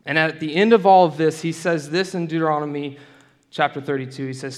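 A man's voice: fairly high pitch, steady tone, fairly quick. A man delivering a sermon with a slightly raised voice. He talks in a conversational, storytelling way and drops in casual asides. His voice rings through a hall with a long reverb. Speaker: preacher.

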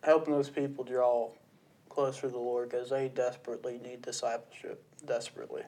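A man's voice: mid-range voice, flat delivery, brisk, mellow. A man, a guest, telling stories from a mission trip in a casual, plainspoken way, laughing often. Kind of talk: casual conversation.

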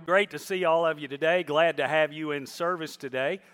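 A man's voice: fairly high pitch, steady tone, moderate pace, a bit bright, clear, resonant tone, soft background music. A middle-aged man, a pastor telling a funny story from the pulpit to his congregation during a church service. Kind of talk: sermon.

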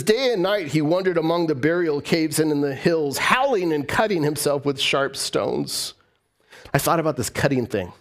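A male pastor preaching a sermon, telling stories with a voice that swings up and down. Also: on the high side. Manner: animated storytelling, voice rising and falling.

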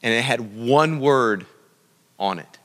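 Middle-aged guy preaching casually, telling stories, bright voice, long echo tail. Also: medium pitch, animated, slow pace. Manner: conversational, with asides to listeners. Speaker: church speaker. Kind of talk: storytelling sermon.

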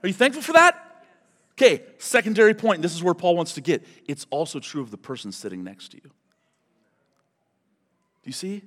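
A man preaching a sermon as pastor, in an animated, conversational way, often turning to people in the congregation. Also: high voice, fairly quick, long pauses. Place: church hall. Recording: long hall reverb.

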